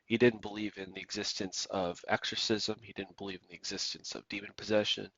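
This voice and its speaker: A man's voice: on the low side, level tone, a little fast, sharp tone, dry recording, muffled recording. A man preaching on the radio, emphatic and repeating phrases for stress. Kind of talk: preaching monologue.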